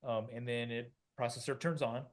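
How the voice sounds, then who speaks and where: A man's voice: mid-range voice, steady tone, normal speed. A middle-aged man, a podcast co-host, explaining ideas in a rambling casual way, with many fillers and restarts, often acting out quoted voices.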